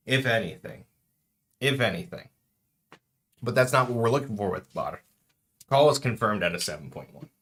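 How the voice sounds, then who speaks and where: A man's voice: mid-range voice, fairly bright tone. A man streaming casually at home, chatting through a food tasting and dropping in Spanish words.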